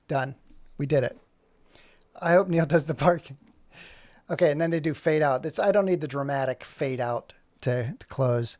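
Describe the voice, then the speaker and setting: A man's voice: on the high side, moderate pace, darkish tone, no room sound. A man chatting casually on a livestream, rambling and talking to himself as he works on an animation. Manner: rambling, talks to himself while working. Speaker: streamer making an animation.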